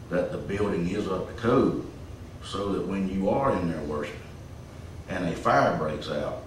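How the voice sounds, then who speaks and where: A low-voiced council member answers in a calm, deliberate, reassuring way. He is heard from far away in a very echoey chamber, with faint background hiss. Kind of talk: measured reply at council meeting.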